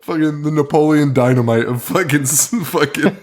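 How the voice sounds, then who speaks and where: A man's voice: on the high side, moderate pace. A young man co-hosting a podcast, recapping a horror movie in casual talk, swearing a lot and laughing often. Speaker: podcast co-host.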